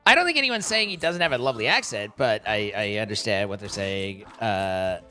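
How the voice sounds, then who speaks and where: A man's voice: lowish voice, animated, a little fast, pushed and bright, soft background music. A man streaming, chatting casually in a rambling, self-correcting way and laughing easily. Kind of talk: casual live-stream chat.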